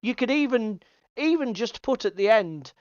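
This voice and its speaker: A man rambles through a casual stream chat, cursing freely. His voice is smooth and resonant. The recording is dry and a little dull. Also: very high-pitched, expressive, moderate pace, no echo. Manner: swearing, rambling, laughs often. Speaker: co-host.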